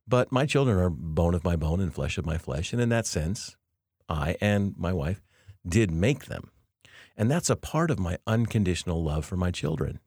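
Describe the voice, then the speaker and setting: A middle-aged man hosts a devotional podcast, walking listeners through a scripture passage. His voice sits low and a little husky, and he speaks earnestly with the odd wry aside. The recording is dry and close. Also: a little mellow, no echo. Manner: earnest, reflective, with light self-deprecating asides. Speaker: podcast host.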